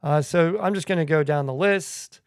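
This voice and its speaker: A man's voice: a little high, normal speed, smooth, no room sound, studio quality. A man hosting a retro video game podcast, talking casually with jokey asides. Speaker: podcast host.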